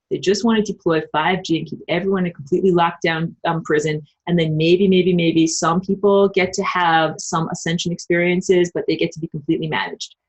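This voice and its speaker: Husky woman ranting emphatically. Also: on the low side, muffled recording. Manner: emphatic, profane, rambling. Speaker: spiritual vlogger. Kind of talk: livestream monologue answering viewer comments.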